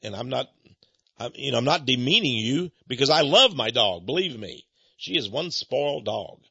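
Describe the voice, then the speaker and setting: A man's voice: mid-range voice, lively intonation, normal speed, creaky, sharp tone, slightly rough, no room sound, lo-fi sound. A man hosting a radio show, rambling and chuckling as he tells teasing stories in a folksy way.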